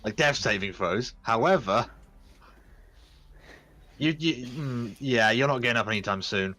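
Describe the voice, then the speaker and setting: A man's voice: mid-range voice, unhurried, bright, forceful tone. A man, running a tabletop game in a chatty, joking way and often stumbling over his words. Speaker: game master.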